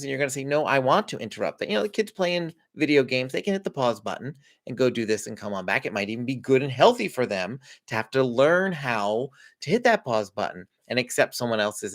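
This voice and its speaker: Lively, animated man coaching parents. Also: mid-range voice, fairly quick, few pauses. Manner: lively, conversational, laughs often. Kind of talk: instructional talk to parents.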